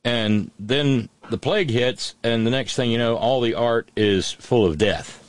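A man's voice: medium pitch, unhurried, no echo. A man hosting a call-in radio show, talking casually with wry, sardonic asides.

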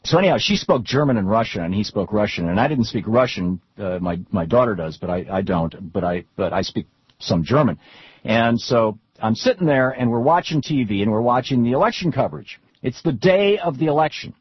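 A man's voice: mid-range voice, expressive, brisk, slightly rough, no room sound. A middle-aged man talking politics off the cuff, rambling with frequent restarts and repeated words as he tells stories to make his point. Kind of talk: unscripted political talk with anecdotes. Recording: dull lo-fi recording.

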